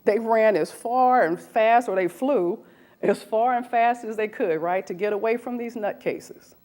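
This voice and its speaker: A woman in her forties, a recruiter, giving a lively talk to an audience and asking them questions. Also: a little high, unhurried. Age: 40s. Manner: animated, asks the audience questions.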